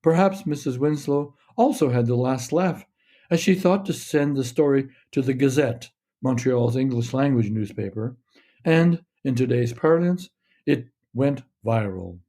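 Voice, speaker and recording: A man reading his own short story aloud in a measured, steady narration. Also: medium pitch.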